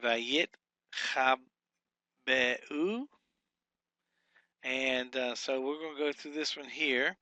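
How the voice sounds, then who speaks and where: A man teaching a workbook lesson, talking slowly and deliberately with frequent fillers and repeated words. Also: mid-range voice, pushed and bright, no room sound.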